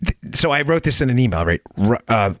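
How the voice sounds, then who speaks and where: A man's voice: mid-range voice, very animated, a little fast, fairly bright tone, no echo, studio quality. A man hosting a political podcast, talking emphatically and sarcastically, firing rhetorical questions at his listeners. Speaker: podcast host. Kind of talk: political commentary monologue.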